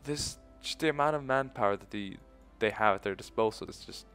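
Low-voiced man thinking aloud through a game. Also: a little fast, a bit bright, clean tone, soft background music. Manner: thinking aloud, loose and profane. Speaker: gaming video host. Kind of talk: casual let's-play commentary.

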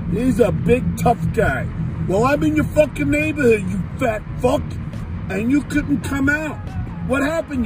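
A man angrily ranting and shouting taunts outdoors in a neighborhood street, filming on a handheld phone. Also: very high voice. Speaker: vlogger confronting a critic. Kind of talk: angry street rant.

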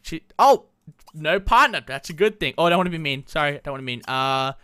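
Lively, bright-voiced young game commentator. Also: medium pitch, smooth, no room sound. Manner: excitable, slangy, quick to laugh. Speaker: gameplay commentator. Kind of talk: casual Let's Play commentary.

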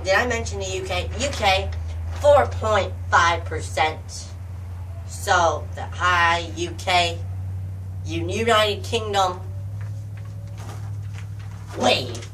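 An American woman vlogs outdoors in the cold, greeting her viewers as a YouTuber in a casual, rambling way, joking and getting sidetracked. Her voice is medium-pitched and a bit bright, picked up by a distant mic with faint outdoor ambience and slight background noise.

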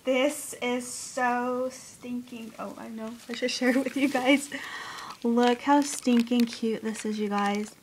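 A woman vlogger chatting casually as she unboxes a craft swap, gushing with excitement and breaking into gasps and squeals. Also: fairly high pitch, slow, a little hiss or hum, poor audio.

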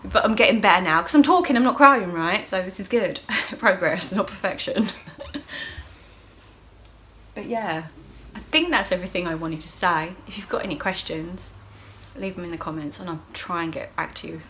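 Chatty mum vlogging at home. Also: female voice, lowish voice, a little fast, sharp tone, slight background noise. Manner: open, emotional, chatty with frequent laughs. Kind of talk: casual video diary chat.

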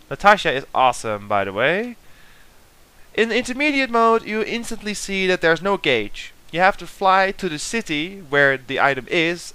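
A man's voice: on the high side, sharp tone. A man giving casual let's play commentary, reading game clues aloud and muttering at his mistakes, with game music behind. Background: guitar game music.

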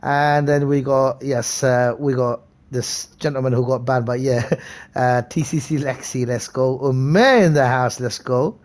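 A young man live-streaming a game, chatting casually and hyping up viewers by name in quick, slangy bursts. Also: medium pitch.

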